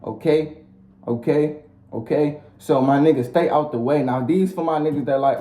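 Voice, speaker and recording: A man's voice: medium pitch, normal speed, dark tone. A man ranting casually as a vlogger, blunt and profane, with lots of repetition. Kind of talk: casual rant to the camera. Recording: roomy echo.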